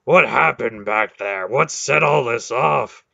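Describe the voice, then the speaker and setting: A man's voice: mid-range voice, slow pace, creaky, bright, forceful tone, dry recording, lo-fi sound, exaggerated voice. A man voicing a huge strong male warrior who is gasping and out of breath. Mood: breathless.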